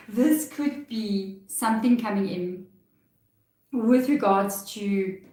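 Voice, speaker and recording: A woman's voice: mid-range voice, mellow. A woman with a South African accent giving a chatty, reassuring live tarot reading, laughing often. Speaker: tarot reader. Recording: echoey room, mic far off.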